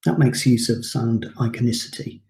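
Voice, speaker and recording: A man's voice: mid-range voice, moderate pace, gravelly, warm tone. A man teaching a recorded English lesson, explaining terms patiently with frequent ums. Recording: echoey room.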